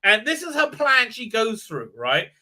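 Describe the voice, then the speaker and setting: A man's voice: very high-pitched, wildly swooping pitch, a little slow, bright, forceful tone. A man hosting a livestream, ranting sarcastically and checking in with "right?" between his many fillers. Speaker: host. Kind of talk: livestream commentary rant.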